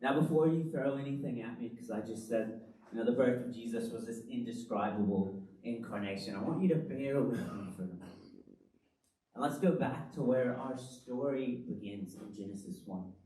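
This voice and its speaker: Animated male pastor in an echoey hall. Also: medium pitch, moderate pace. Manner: animated, conversational preaching with rhetorical questions. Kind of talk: sermon. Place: church hall. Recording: very echoey hall, from the far mic.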